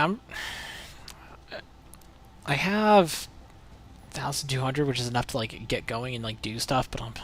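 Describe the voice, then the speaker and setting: A man with a medium-pitched, fairly bright voice streams a video game, giving casual livestream commentary as he plays. He chats and rambles, occasionally swearing.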